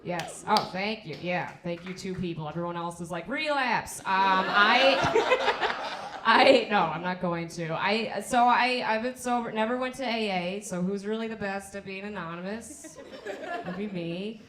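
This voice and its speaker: A woman doing a stand-up set, telling dark jokes flatly and laughing at her own lines. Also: medium pitch, normal speed, noisy background. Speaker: stand-up comedian. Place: comedy club stage. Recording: echoey comedy club.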